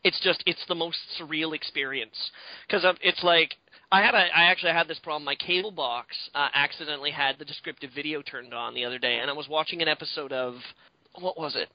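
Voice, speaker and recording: A man's voice: fairly high pitch, a little fast, no room sound. Chatty man on a lo-fi podcast. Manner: rambling, swears freely, lots of fillers. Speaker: podcast co-host. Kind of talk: casual chat.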